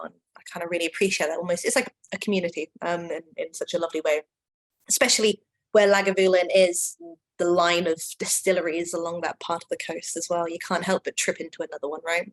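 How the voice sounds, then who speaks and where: A woman's voice: fairly low pitch, steady tone, quick pace, low-quality recording. A woman working as a whisky brand ambassador, chatting casually and enthusiastically with plenty of fillers during an online tasting. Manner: enthusiastic, gushing, many fillers.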